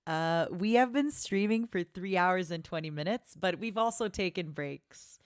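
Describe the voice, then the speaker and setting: A woman's voice: fairly low pitch, moderate pace, clear, resonant tone, dry recording, clean studio sound. A woman streamer chatting casually and gushing playfully as she reacts on a watchalong. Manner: gushing, playful, laughs often.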